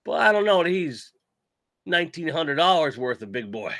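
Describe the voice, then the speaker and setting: This toy channel host runs a casual toy-collecting live stream while his voice is still sick from covid. He rambles, jokes about himself and reads out chat in a fairly high, fairly bright voice with big pitch swings at a moderate pace. The sound is studio quality with no echo.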